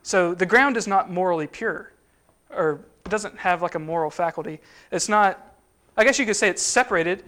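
In a relaxed, conversational sermon, a man with a fairly high voice teaches through a passage step by step. He often pauses with fillers and restarts his sentences.

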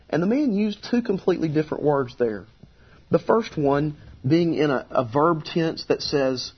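Husky-voiced pastor preaching earnestly. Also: male voice, a little high, normal speed, lo-fi sound. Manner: earnest, conversational, emphatic repetition. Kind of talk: sermon.

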